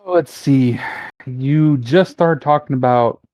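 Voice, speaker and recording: A man's voice: mid-range voice, a little mellow, no echo. Wisecracking man, dry close sound. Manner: joking, quick with wisecracks. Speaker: podcast co-host. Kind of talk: casual podcast chat.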